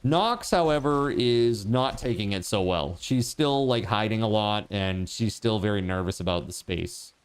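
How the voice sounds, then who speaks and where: A male game streamer talking casually to his live chat, rambling and filling gaps with lots of filler words. His pitch rises and falls a great deal, so he sounds lively and animated. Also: unhurried, few pauses, clear, resonant tone. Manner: rambling, chatty, many fillers; talks to chat viewers. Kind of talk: casual livestream chat while gaming.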